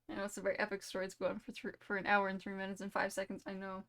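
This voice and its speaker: A woman's voice: medium pitch, monotone, very fast, hardly any pauses, a bit bright. Playful rambling woman streamer. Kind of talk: casual livestream storytelling.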